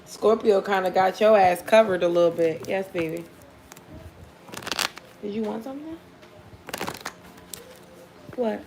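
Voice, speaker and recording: A woman's voice: mid-range voice, unhurried, long pauses. A woman reads tarot cards for her viewers in a loose, chatty way. She is blunt and swears freely, and she laughs between cards. A faint hum of background noise sits under her voice. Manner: blunt, profane, laughs often. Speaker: tarot reader. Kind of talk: casual live tarot reading with viewer questions.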